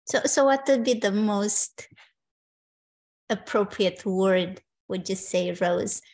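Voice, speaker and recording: A woman's voice: mid-range voice, takes it slowly, darkish tone. A woman on a video call, questioning the host in a probing, skeptical way. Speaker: participant. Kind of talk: questioning in a spiritual conversation.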